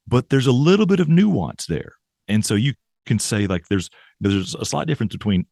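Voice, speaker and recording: A man's voice: lowish voice, sing-song, moderate pace, gravelly, darkish tone, no room sound, studio quality. A man, a professor guest in an interview, explaining ideas thoughtfully with frequent restarts and "right?" tags. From American South.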